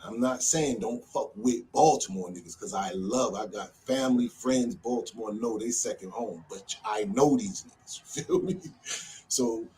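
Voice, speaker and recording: Animated man telling a street story. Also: fairly low pitch, normal speed, distant mic, a little hiss or hum, low-quality recording. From New Jersey. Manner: animated, loose street talk full of "you know what I'm saying". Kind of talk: casual storytelling.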